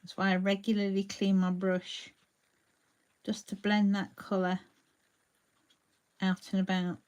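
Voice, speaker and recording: A woman's voice: mid-range voice, level tone, measured pace, darkish tone. A woman hosting a live crafting tutorial, chatting along and greeting viewers by name as she paints. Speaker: crafting demonstrator.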